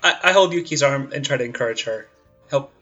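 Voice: medium pitch, animated, quick pace, pushed and bright, muffled recording, faint music behind. A player in a tabletop role-playing game, talking casually and laughing often.

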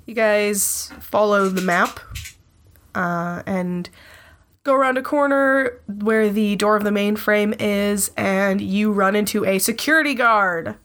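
A woman game master narrates a tabletop role-playing game at a mid pitch. She talks briskly and laughs often between lines. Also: a bit bright.

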